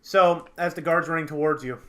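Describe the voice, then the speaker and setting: A man running a tabletop game as game master, explaining rules in quick, halting bursts with many restarts. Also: fairly high pitch, a bit bright.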